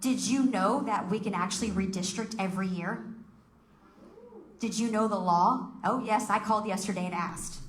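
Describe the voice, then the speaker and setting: A woman's voice: medium pitch, moderate pace, slight background noise. A woman giving a fiery political speech to a local group, firing off emphatic rhetorical questions. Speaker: political speaker. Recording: echoey room.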